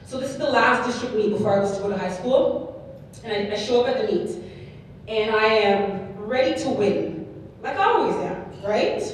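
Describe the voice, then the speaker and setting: A woman giving a keynote speech, telling her story in a lively way and often checking in with the audience. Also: mid-range voice, normal speed, a little hiss or hum. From Canada. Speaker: keynote speaker. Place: large hall before an audience. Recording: echoey hall, mic far off.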